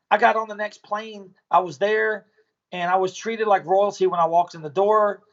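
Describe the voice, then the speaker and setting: A man with a high-pitched voice speaks as a podcast guest. He tells stories bluntly and casually, swearing freely. The audio sounds dull and lo-fi. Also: fairly even intonation, normal speed, a bit bright. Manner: blunt, profane, storytelling. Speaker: business owner guest.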